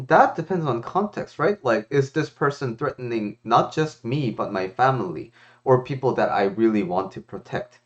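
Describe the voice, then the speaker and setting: Life coach guy thinking out loud, lots of ums, lively up and down voice, muffled audio. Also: medium pitch. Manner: thoughtful, lots of fillers and restarts, expressive. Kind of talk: casual reflective talk to camera.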